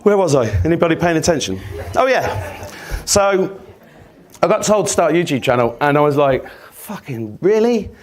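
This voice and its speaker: With a fairly high pitch, lively intonation and normal speed, a man from England in his fifties entertains an audience with rambling, joking stories, swearing freely throughout this casual storytelling talk.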